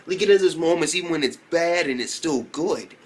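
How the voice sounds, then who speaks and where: An excitable young man talks through an anime episode, his pitch jumping around a lot and sitting a little high. He swears freely and keeps bursting into exclamations. It is a loose, casual video review. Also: brisk. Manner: excitable, profane, full of fillers and loud exclamations.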